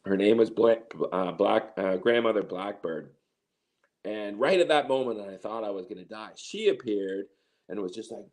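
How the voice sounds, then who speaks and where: A man's voice: medium pitch, animated, moderate pace, a little mellow. A middle-aged man telling a long personal story in an interview, rambling, restarting often and quoting others. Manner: rambling, with many restarts and quoted voices. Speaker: interview guest, cannabis grower. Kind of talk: casual storytelling.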